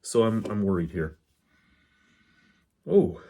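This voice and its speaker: A man with a slightly low, husky voice, casually reviewing a beer on camera. He chats loosely and wanders off into tangents before coming back. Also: very animated, slow, warm tone. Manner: rambling, digressive, candid; talks with his hands.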